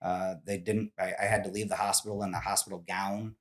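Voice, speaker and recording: A man's voice: low voice, level tone, brisk. A man in his forties, a podcast guest, telling a personal story in casual interview talk, candid and emotional, with many restarts.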